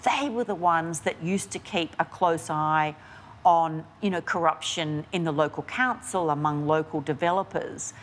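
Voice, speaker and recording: A frank Australian woman speaks at a normal pace in a low voice, with a little hiss or hum audible. As a guest investigative journalist, she gives animated, candid conversational answers to interview questions, peppered with restarts and fillers.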